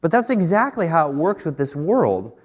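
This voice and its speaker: A male pastor in his thirties with a fairly high voice gives a conversational sermon. He slips into a personal story, trips over his words now and then, and lifts his pitch and force when he drives a point home. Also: sing-song, moderate pace.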